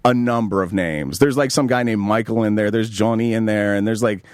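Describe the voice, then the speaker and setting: A man's voice: on the low side, brisk, dry recording, clean studio sound. A man hosting a talk show, telling a long anecdote in casual, profane chat and acting out the dialogue. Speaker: show host.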